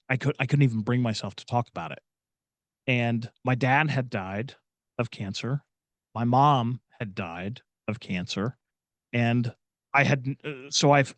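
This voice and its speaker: A middle-aged man from Indiana telling a personal story as a podcast guest, earnest and halting, often restarting his sentences. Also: mid-range voice, no echo. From Indiana, USA. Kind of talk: personal storytelling in casual chat.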